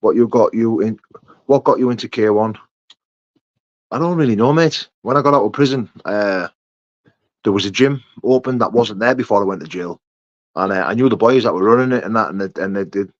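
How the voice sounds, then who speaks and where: A man's voice: lowish voice, a little fast, no echo. Chatty northern man greeting viewers. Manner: reads out viewer names and greets them, chatty and matey. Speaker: livestream host answering chat. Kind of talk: casual live chat. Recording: dull muffled sound.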